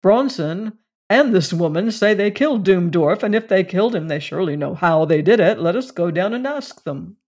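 A man's voice: high-pitched, animated, moderate pace, darkish tone. Impatient, blustering man, voiced by a narrator, insistent. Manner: impatient and emphatic. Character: blustering, impatient man who swears easily.

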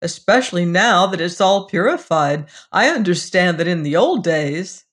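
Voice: medium pitch, animated, moderate pace, fairly bright tone. A reader voicing an earnest young man.

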